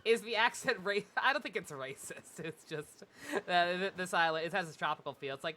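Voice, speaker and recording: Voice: medium pitch, lively intonation, fairly quick, few pauses, pushed and bright. A streamer giving casual, irreverent commentary over a game, joking and laughing often. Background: game audio and music.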